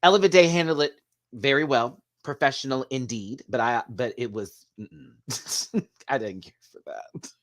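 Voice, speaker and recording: A man giving a sassy, animated live video review of a drag competition show, laughing often as he talks. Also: medium pitch, normal speed, dry recording, clean studio sound.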